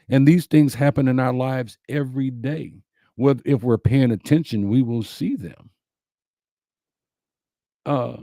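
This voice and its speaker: A man hosting a talk, speaking slowly and emphatically, repeating his key lines to his listeners. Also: medium pitch, creaky, dark tone, dry recording, studio quality. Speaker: host. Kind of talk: inspirational talk to a live audience.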